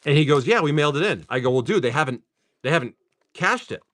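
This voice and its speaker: A fast-talking livestream card seller with a fairly high-pitched voice opens card packs while telling a long, casual story. Animated and chatty, he peppers his talk with "dude" and "like."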